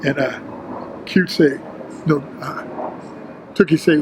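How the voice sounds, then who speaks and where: Older man telling rough street stories. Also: fairly high pitch, takes it slowly, background noise. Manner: streetwise, profane, animated retelling with quoted voices. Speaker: interview guest. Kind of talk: casual storytelling.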